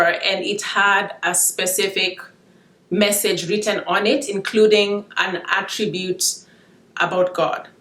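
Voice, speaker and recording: A woman speaks in a middle-pitched voice, sharing her dreams and reading verses in an informal devotional talk. She sounds emotional, as if holding back tears, and often stops, restarts and apologizes. The room around her is bare and echoey. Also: fairly bright tone. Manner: emotional, halting, with restarts and asides. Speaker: Christian video blogger sharing dreams.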